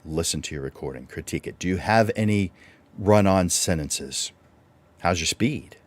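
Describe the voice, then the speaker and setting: A man's voice: sits low, expressive, moderate pace. A man presenting a livestreamed speaking workshop, instructive and full of rhetorical questions.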